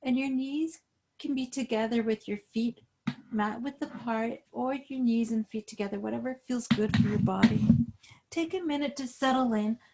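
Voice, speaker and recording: A woman yoga instructor gently guiding breathing exercises over a video call. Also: a little high, background noise. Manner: slow, gentle, soothing guidance.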